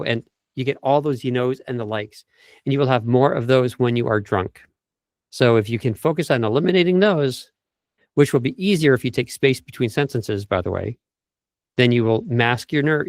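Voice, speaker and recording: A man's voice: medium pitch, moderate pace, no room sound. Man coaching on voice, dry close sound. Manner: explanatory, lists tips, demonstrates speech habits. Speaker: vocal coach guest. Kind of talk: interview over video call. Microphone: video call.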